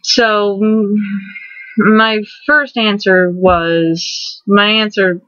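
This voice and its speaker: A woman's voice: mid-range voice, drawn-out words, no room sound. A young woman in her twenties talks straight to the camera in a casual vlog, rambling and tripping over her own words. Her voice sits in a middle range. The recording is dull and lo-fi, with a dry, close sound. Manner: rambling, repeats and restarts words, excitable. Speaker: vlogger host.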